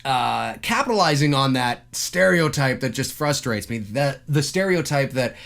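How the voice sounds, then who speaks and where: Animated man ranting to camera. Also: medium pitch, moderate pace, vocal fry. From Toronto, Canada. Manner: animated, addresses viewers as folks, many fillers. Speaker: vlogger.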